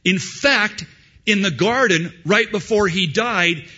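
A man preaching a sermon, swinging between loud emphasis and quiet asides. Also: high voice, slow, breathy edge. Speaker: pastor. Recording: dull lo-fi sound.

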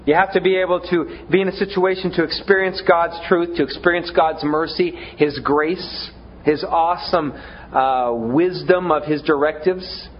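A man's voice: a little high, steady tone, moderate pace, a little hiss or hum. Preacher man with a dull lo-fi sound. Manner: conversational, stammering restarts, self-deprecating humor. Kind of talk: sermon.

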